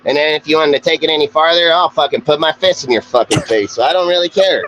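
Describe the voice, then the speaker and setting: A man's voice: fairly high pitch, quick pace, a bit bright, highs cut off, slight background noise. A man hosting a live-stream show, ranting in an aggressive, profane, confrontational way. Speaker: livestream show host.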